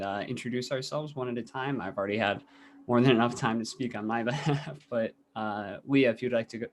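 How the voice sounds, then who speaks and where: A man casually moderating an online panel, relaxed and quick to laugh. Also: mid-range voice. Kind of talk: casual live video panel chat.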